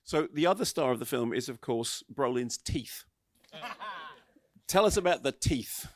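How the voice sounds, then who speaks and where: A man's voice: medium pitch, animated, unhurried, no room sound, clean studio sound. An English man, a film critic, hosting a cinema Q&A and eagerly prompting his guest with questions. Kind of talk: Q&A interviewing. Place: cinema Q&A on stage.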